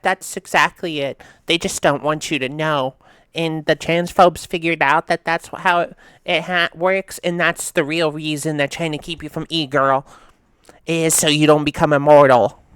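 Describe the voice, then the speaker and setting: Sassy low-voiced woman reacting to memes. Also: a bit bright, clear, resonant tone, no echo. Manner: sassy, chatty, reads captions aloud. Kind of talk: casual reaction commentary.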